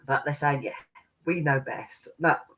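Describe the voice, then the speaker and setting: A woman's voice: low-pitched, fairly even intonation, unhurried, a bit bright. A woman channels spirit guides in a loose, meandering way. Her talk keeps slipping into chanted light-language syllables and easy laughter. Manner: rambling, laughs often, drifts into chanted syllables.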